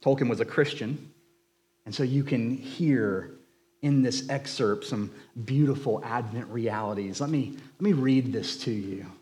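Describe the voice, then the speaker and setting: A man's voice: mid-range voice, measured pace, darkish tone. A man preaching a sermon as a pastor in a church, with conversational storytelling.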